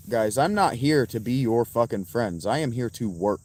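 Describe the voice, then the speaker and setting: A man livestreaming outdoors and answering his chat in a profane, combative, quick-tempered way. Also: medium pitch, lively intonation, darkish tone. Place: outdoors by a fountain.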